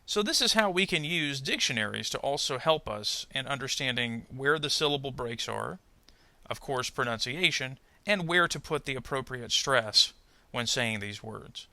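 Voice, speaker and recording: Guy teaching english pronunciation, gravelly but bright voice, calm step by step explaining. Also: mid-range voice, no room sound. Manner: measured, explanatory, careful. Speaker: adult ESL pronunciation teacher. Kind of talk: instructional narration.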